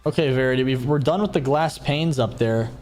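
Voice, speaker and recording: A man's voice: mid-range voice, a little fast, a little mellow, soft background music. A young man streaming a game, talking casually and bluntly with lots of slang, often exasperated. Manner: blunt, slangy, exasperated, says bro a lot. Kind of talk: casual livestream gaming chat.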